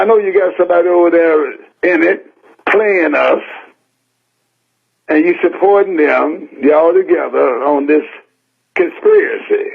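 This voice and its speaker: Older man, from san francisco, folksy preacher, gravelly husky voice, slow deliberate delivery, tinny phone-like radio sound. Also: a little high. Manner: folksy, emphatic preaching with plain-spoken repetition. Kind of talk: sermon.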